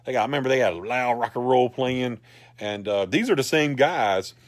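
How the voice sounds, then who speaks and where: A man, animated and rambling as he tells a personal story to a group. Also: medium pitch, moderate pace, no room sound. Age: 40s. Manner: rambling, animated, laughs through his lines.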